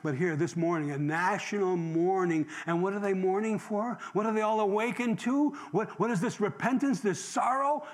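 Older male preacher, high-pitched, sermon delivery that swings between loud emphasis and near-whispers. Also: moderate pace, hardly any pauses. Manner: preaching with rhetorical questions, swinging from loud to hushed; emotional, drops to a near whisper. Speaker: pastor.

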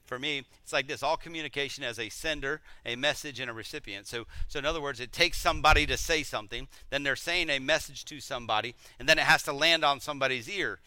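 A middle-aged man teaching a conversational sermon, animated and self-deprecating, often repeating words as he goes. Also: medium pitch, quick pace, hardly any pauses, no room sound.

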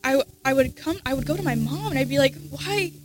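A teenage girl giving an emotional personal testimony at church, halting and restarting often, soft at times. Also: high-pitched, low-quality recording. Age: teens.

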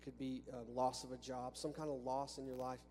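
A man's voice: medium pitch, flat delivery, a little fast, darkish tone. A man preaching a sermon to a congregation in a church, talking conversationally with restarts and rhetorical questions. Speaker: pastor. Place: church sanctuary with a balcony. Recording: long reverb from a church hall with faint hum.

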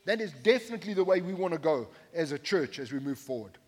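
A pastor with a fairly high, animated voice preaches quickly from the pulpit of a church sanctuary. He drives his points home emphatically, repeats key phrases, and tosses joking asides to the congregation, all under a long hall reverb.

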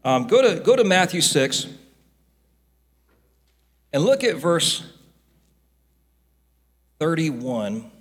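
A middle-aged male pastor preaches with a slightly husky voice that sits a little high for a man. His delivery is animated, with a wide, swooping range, and his storytelling rises into loud, emphatic rebukes. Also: drawn-out words, pauses often. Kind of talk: sermon.

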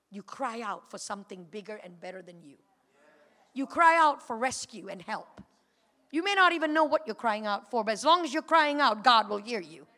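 A woman shares her testimony before a church, her voice sitting very high. She moves from a hushed, halting retelling to fervent calls to the congregation. Her words ring out with a long reverb through the sanctuary. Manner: builds from quiet storytelling to fervent shouting.

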